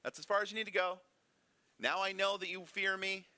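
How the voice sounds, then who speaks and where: A man's voice: high-pitched, fairly even intonation, sharp tone, voice pushed up. A man voicing an angel who urgently halts a sacrifice, then reassures in casual modern speech. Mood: reassuring. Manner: rapid repeated interjections, casual modern speech.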